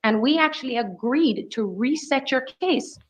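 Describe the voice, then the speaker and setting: A woman with a high-sitting, expressive voice speaks at normal speed. As a defense attorney, she questions a witness in court with firm, leading questions, in dull courtroom audio.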